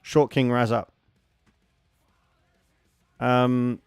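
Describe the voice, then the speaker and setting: A man streaming a game, chatting casually and excitably, greeting viewers and reacting loudly to the action. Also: medium pitch, takes it slowly, gravelly, pauses often, clean tone, no room sound, studio quality, faint music behind. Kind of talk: casual live-stream chat while gaming.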